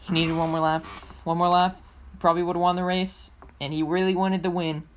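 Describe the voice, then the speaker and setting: A woman co-hosting a casual motorsport podcast, talking in an excitable, rambling, playful way. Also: lowish voice, fast. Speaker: co-host.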